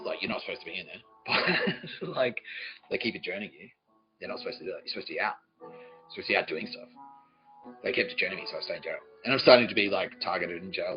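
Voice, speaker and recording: A man hosting a comedy podcast, rambling and swearing, often laughing, swinging between mumbles and shouts. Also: fairly low pitch. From Australia. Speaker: podcast host. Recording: dull lo-fi podcast audio with faint music.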